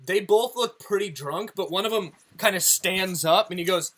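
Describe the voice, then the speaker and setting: Bright-voiced male game master. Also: high-pitched. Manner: halting, repeats words while narrating. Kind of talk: narrating a tabletop game.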